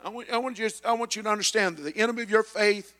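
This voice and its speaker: A man preaching a sermon as pastor, building to shouted passages with scripture quotes in a church. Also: high voice, very fast, big-room sound, noisy background. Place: church sanctuary.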